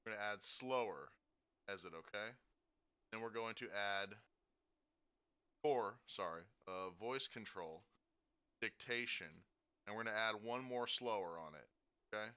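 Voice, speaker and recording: A man giving a casual software tutorial, talking through each step and checking in with frequent "okay?" and "right?". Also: on the low side, a little slow, long pauses, smooth. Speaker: streaming tutorial host.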